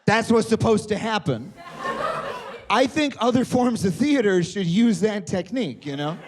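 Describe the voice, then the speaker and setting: A man's voice: high voice, normal speed. A man performing a stand-up comedy set on a theater stage, telling stories with acted-out quotes. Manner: animated storytelling with acted-out quotes. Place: theater stage before a live audience. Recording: live audience laughter behind.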